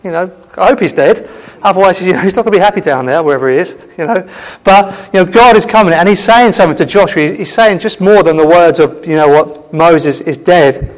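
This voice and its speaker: A man preaching a sermon in a conversational, animated storytelling manner. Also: high voice, fast talker, long reverb tail, poor audio.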